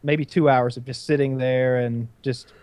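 A man's voice: mid-range voice, steady tone, normal speed, darkish tone, smooth, no room sound. A man telling a long story in casual chat, rambling and profane with frequent restarts.

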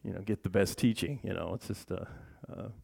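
A man's voice: lowish voice, brisk, creaky, darkish tone, husky. A man preaching a conversational sermon in a church, talking through the text with his congregation, asking them questions and often restarting sentences. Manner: chatty, asks the congregation questions, frequent restarts. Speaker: pastor.

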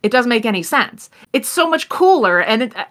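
A stubborn young fan girl lays down the law in a tabletop game, voiced by a woman. Her tone is bright and pushy, rising high on every point she makes. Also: very animated, a little fast. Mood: insistent. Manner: insistent, lecturing.

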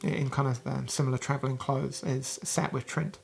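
A man's voice: medium pitch, little pitch movement, moderate pace, vocal fry, a little hiss or hum. A man narrating a tabletop game as game master, hesitant and full of restarts. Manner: hesitant, many fillers and restarts.

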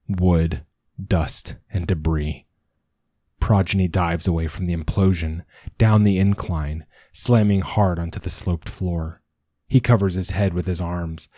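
Deep-voiced man narrating a story. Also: mellow, dry recording, studio quality. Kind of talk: scripted narration.

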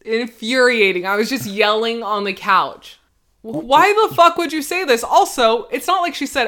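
A woman's voice: a little high, moderate pace, bright, forceful tone. A young woman co-hosting a podcast, giving casual, indignant opinions on a reality show and laughing often. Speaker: podcast co-host.

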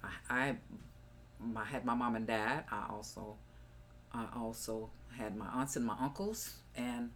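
A woman's voice: very deep voice, a little slow, a little hiss or hum. An older woman, a mother guest on a family podcast, telling stories and reflecting on how she raised her children. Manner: reflective, storytelling, wandering. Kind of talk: casual family chat.

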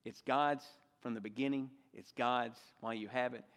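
A man's voice: mid-range voice, fairly even intonation, normal speed. Preaching man in a reverberant hall. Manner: preaching, rising and dropping for emphasis. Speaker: pastor. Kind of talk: sermon.

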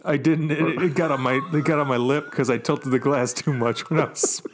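A man's voice: fairly high pitch, fairly even intonation, fairly quick, noisy background. A man co-hosting a podcast, chatting casually with eager, upbeat reactions. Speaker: podcast co-host. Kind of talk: casual tasting chat.

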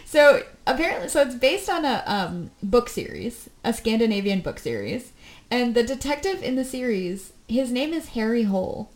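Chatty higher-voiced woman. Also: lively intonation, normal speed. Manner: rambling, full of fillers and restarts. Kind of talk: casual chat.

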